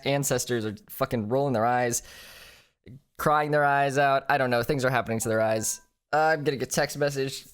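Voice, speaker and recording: A man's voice: medium pitch, fairly bright tone. A tired young man in a hotel room, talking in a crude, joking vlog monologue and laughing often. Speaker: vlogger.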